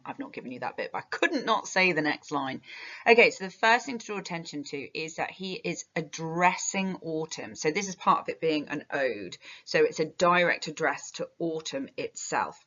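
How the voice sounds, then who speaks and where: A woman's voice: low voice, animated, normal speed, a bit bright, muffled recording. A woman teaching poetry, walking through a poem line by line and stressing key words. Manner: thinking aloud with fillers, stressing key words. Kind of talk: literature lesson with close reading.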